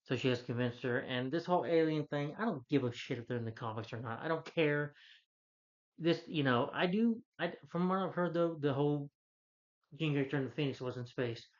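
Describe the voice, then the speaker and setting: A man's voice: fairly high pitch, brisk, lo-fi sound. A man reviewing a film in a rambling, casual rant, full of "you know" fillers and exasperated asides.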